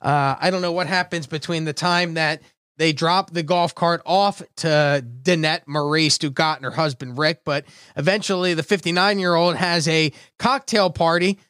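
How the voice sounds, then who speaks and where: A man hosting a casual comedy radio show, telling stories fast and laughing often. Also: fairly high pitch, clean tone, no room sound, studio quality. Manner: fast, laughing, animated storytelling.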